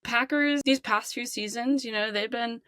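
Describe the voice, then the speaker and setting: A woman's voice: fairly high pitch, moderate pace, fairly bright tone, clean tone, dry recording. A woman hosting a sports podcast in casual, joking chat. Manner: chatty, joking, laughs often. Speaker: podcast host.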